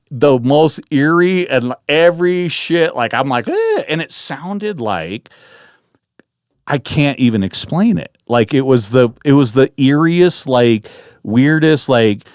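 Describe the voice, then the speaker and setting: A man's voice: medium pitch, slow pace, no echo, clean studio sound. A man from Northern California, a podcast guest, telling a story in casual conversation with lots of swearing and restarts. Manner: animated, profane, full of restarts.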